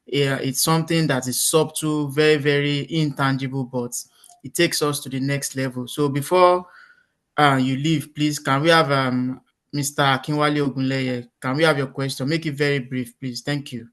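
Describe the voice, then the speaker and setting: A man moderating an online workshop, summarizing the talk in a measured way with frequent pauses before calling on a participant. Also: medium pitch, steady tone, fairly bright tone.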